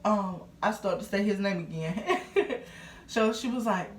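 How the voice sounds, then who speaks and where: A woman's voice: mid-range voice, measured pace, slight background noise. A young adult woman vlogging a casual storytime, rambling along with lots of fillers. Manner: rambling, filler-heavy, conversational. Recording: roomy echo.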